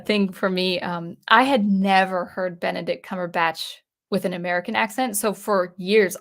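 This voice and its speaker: A young adult woman hosting a casual livestream, reading chat comments aloud in a chatty, hesitant way with many fillers and restarts. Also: fairly low pitch. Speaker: livestream host.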